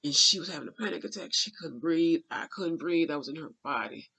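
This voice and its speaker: A man with a husky, bright voice tells a dream in loose, rambling talk. He speaks with raw emotion and plenty of fillers, and his pitch sits a little high for a man. Now and then he drops into a hushed aside. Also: lively intonation, fairly quick. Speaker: dream channeler. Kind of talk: casual spoken dream recounting.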